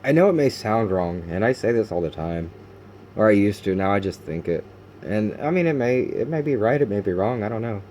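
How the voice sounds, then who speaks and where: A man talks into his camera at home in a confessional diary, his voice mellow and dark rather than bright. He speaks haltingly, restarting his sentences often, with frustration that breaks out now and then in cursing. A faint hum sits behind him. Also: fairly low pitch, expressive. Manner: halting and raw, with frequent restarts and fillers. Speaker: video diarist.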